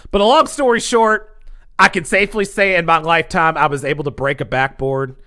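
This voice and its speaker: A man's voice: a little high, fairly quick. A man telling a casual story on his vlog in a dramatic way, full of slang and sound effects. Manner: animated, dramatic, acts out scenes and sound effects; casual slangy speech with lots of fillers. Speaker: storytelling vlogger.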